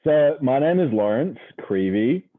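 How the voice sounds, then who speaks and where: A man's voice: medium pitch, unhurried, a little hiss or hum. A man, a guest chatting casually over a video call with lots of slang and fillers. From Australia. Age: 20s. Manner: relaxed, filler-heavy slang talk. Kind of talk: casual podcast chat. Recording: tinny phone-like call audio.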